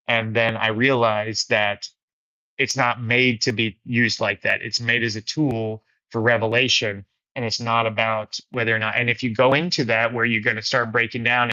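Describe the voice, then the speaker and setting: A bright, forceful man's voice gives a casual spiritual talk on a livestream. His delivery is earnest and laid back, and he often drops in "man" and "dude." The sound is dry and a little dull. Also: medium pitch, no room sound. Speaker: livestream host of a faith fellowship. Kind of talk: casual spiritual talk, reading viewer comments.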